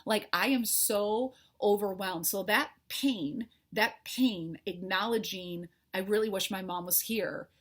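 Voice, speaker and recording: Her voice is husky and mid-range. This middle-aged coach opens up to her followers, sounding heartfelt, conversational, and full of faith.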